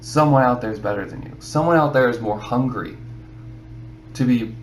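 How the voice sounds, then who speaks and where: A man's voice: mid-range voice, normal speed, echoey room, slight background noise, poor audio. A man giving casual advice to other artists, rambling and filling his talk with "you know". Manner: rambling, repeats himself, many "you know"s.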